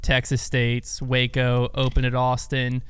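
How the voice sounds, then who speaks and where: A man's voice: medium pitch, completely flat delivery, clear, resonant tone. A man co-hosting a podcast, bantering and teasing casually. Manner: quick banter, playful teasing. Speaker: podcast co-host. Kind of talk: casual chat.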